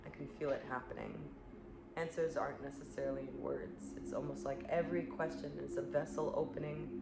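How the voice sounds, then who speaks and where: A woman spiritual coach speaking in an earnest, searching way, full of "like" and soft laughs, in a reflective monologue. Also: low voice. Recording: echoey room with clear background noise.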